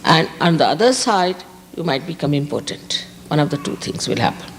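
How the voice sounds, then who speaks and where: Indian woman spiritual teacher, lively sing-song delivery, reverberant hall. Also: low-pitched, moderate pace. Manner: emphatic, repeats key words for stress. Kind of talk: public spiritual talk. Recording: reverberant hall, faint background hiss.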